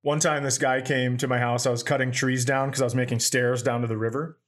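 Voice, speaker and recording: A man hosting a comedy podcast, riffing jokes in a casual deadpan way. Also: mid-range voice, brisk.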